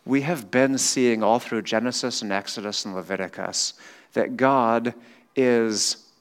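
Measured middle-aged male preacher. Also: medium pitch. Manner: dramatic swings from loud, animated acted quotes to quiet, slow reflection. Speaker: pastor. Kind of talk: sermon. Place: church hall with a screen.

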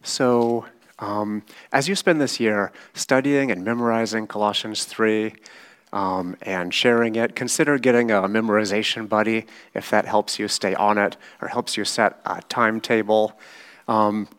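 A man preaching a sermon, teaching slowly and often checking in with his listeners with a quick "right?". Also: lowish voice, steady tone, fairly bright tone. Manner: slow, measured teaching with frequent "right?" checks. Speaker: pastor.

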